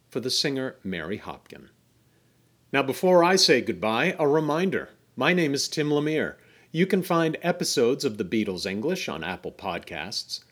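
Man, podcast host, reading his script with a wry, explanatory manner and a lively voice. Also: mid-range voice.

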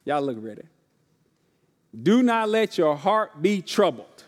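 A man with a high-pitched voice preaches a sermon in a casual, folksy style, repeating phrases and calling out to his congregation. His voice carries a long reverb from a large church sanctuary. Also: very animated, slow pace. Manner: call-and-response preaching, often asks the congregation if they are ready. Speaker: pastor.

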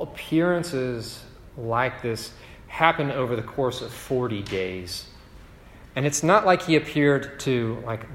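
Guy preaching a chatty sermon, mid pitch, big echoey church hall. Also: slight background noise. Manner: conversational, keeps asking "right?". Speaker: pastor. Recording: long hall reverb.

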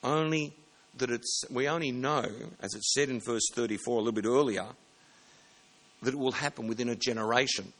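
A man's voice: mid-range voice, brisk, a bit bright. A man preaching a sermon in a plain, conversational way, sometimes stopping to correct himself. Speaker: pastor.

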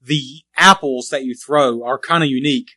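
A man's voice: medium pitch, normal speed, bright, forceful tone, no room sound. A man co-hosting a casual podcast about retro video games, rambling and correcting himself as he goes, often laughing. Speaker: podcast co-host.

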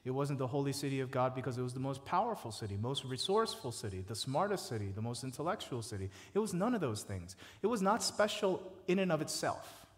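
A man preaching a sermon, stacking words with rising force and dropping soft and low for quoted laments. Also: sing-song, quick pace, hardly any pauses. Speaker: pastor. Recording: reverberant hall.

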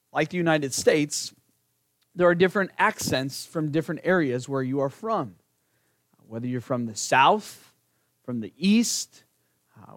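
Conversational male pastor, higher voice. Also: no room sound, clean studio sound. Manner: conversational, asks "right?" often. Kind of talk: sermon.

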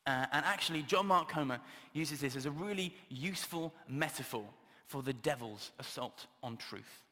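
A man's voice: on the high side, normal speed, sharp tone. A man giving a casual, humorous sermon, chatty and self-deprecating, with plenty of filler words. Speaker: preacher. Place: church hall. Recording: long reverb of a church hall.

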